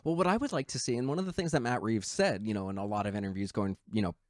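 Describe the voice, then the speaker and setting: Male podcast co-host, low voice, casual and excited, dry close mic. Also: racing, dry recording. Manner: enthusiastic, swears casually, acts out quotes. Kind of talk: casual film discussion.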